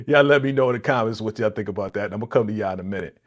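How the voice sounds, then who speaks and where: A young man hosting a live reaction stream, talking casually and excitedly with slang and lots of laughter. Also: lowish voice, very fast. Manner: animated, laughing, slangy, recaps with quoted lines.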